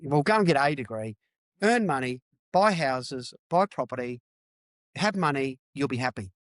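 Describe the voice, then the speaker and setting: A man's voice: mid-range voice, animated, normal speed, no room sound. A man in his fifties, a former rugby player telling his story as a podcast guest in a raw, frank way, repeating words for emphasis. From Australia. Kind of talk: candid personal storytelling.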